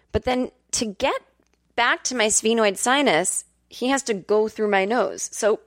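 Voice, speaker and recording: A woman hosting a comedy podcast, telling a candid personal story at home and swearing freely. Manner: candid, chatty, swears freely, acts out quotes in a high whiny voice. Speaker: podcast host. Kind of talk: casual storytelling monologue. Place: temporary home in Brooklyn.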